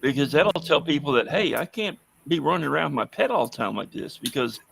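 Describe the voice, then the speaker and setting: A man's voice: fairly high pitch, animated, a little fast, creaky, fairly bright tone, slightly rough. A man telling blunt, wry stories in a casual podcast conversation. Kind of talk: casual anecdotal storytelling.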